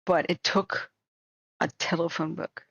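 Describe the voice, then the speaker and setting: A woman hosting a livestream, telling a rambling story in a casual, animated way, acting out what people said. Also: fairly low pitch, a little slow, vocal fry, slightly rough, dry recording, highs cut off. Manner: animated, rambling, acts out quotes with shrieks and laughs. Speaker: livestream host.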